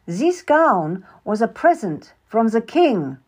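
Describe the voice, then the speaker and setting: A woman voicing a proud, sharp-tongued young noblewoman who speaks in a hard, icy, commanding way. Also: medium pitch, expressive, measured pace.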